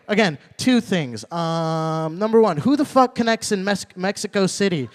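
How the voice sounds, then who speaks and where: A young man performing a stand-up set at an open mic, repeating his punchlines and working up to loud, indignant rants. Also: fairly high pitch, expressive, a little fast, few pauses. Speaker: stand-up comedian. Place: open mic comedy night venue.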